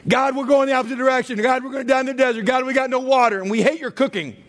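A man's voice: extremely high pitch, fairly even intonation, very fast, voice pushed up. A man voicing a crowd of grumbling desert wanderers in a whiny, exasperated tone. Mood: whining.

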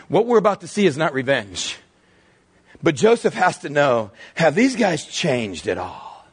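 Husky-voiced male pastor preaching. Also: a little slow. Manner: animated storytelling, drops to hushed low tones for emphasis. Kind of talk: sermon.

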